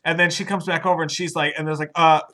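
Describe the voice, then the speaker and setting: A man joking around on a casual movie podcast, acting out quotes from a story. He talks fast, in a slightly high voice. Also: flat delivery, a crowd in the background. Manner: quick, jokey, acts out quotes. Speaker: co-host of a movie channel.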